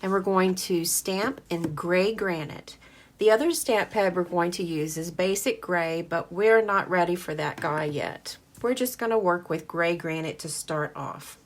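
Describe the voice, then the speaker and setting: A woman with a slightly low voice hosts a relaxed card-making demo, chatting as she works. She answers viewer comments warmly and laughs easily, often restarting her sentences. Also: unhurried, a little hiss or hum. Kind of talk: casual live craft demo.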